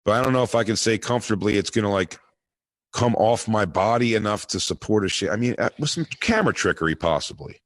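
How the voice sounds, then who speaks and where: A man's voice: fairly low pitch, animated. A man co-hosting a podcast, joking in brash, profane casual banter. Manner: brash, profane, quick jabs. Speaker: podcast co-host.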